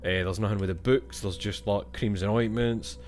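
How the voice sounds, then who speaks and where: A man's voice: fairly low pitch, steady tone, moderate pace, darkish tone. A young Scottish man playing a video game and thinking aloud in casual, swear-filled commentary. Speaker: gaming streamer.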